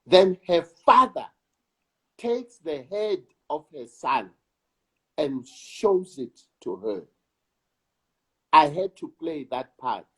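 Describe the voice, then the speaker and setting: Guest spot: slow-speaking husky South African actor-director, deliberate and emphatic. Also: male voice, on the high side, sing-song, fairly bright tone. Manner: slow, emphatic, repeats words for weight. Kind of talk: reflective conversation.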